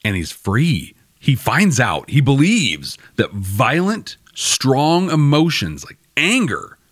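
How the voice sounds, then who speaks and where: Host, young man, lively wry recap, dry close sound. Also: medium pitch, slow pace, slightly rough, dry recording. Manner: wry, animated, chuckling asides. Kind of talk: casual episode recap.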